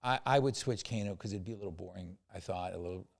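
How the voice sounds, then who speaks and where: An older man, a film producer, telling animated anecdotes as a podcast guest and acting out the quotes. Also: low voice, quick pace, creaky. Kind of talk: storytelling in a podcast interview.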